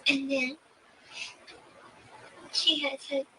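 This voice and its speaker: A young woman answering an investigator's questions in a recorded interview, soft and hesitant with many pauses. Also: sits high, little pitch movement. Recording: distant mic with faint hiss.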